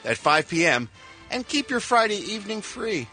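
A man's voice: high-pitched, sing-song, moderate pace, bright, forceful tone, faint music behind. A man with a Philadelphia accent reading showbiz news on a radio show, playful and joking. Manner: playful, punning, laughs at own jokes.

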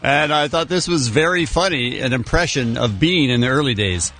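Male radio co-host, dry teasing, lively pitch, faint music. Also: normal speed. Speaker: radio morning show co-host. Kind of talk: casual radio banter.

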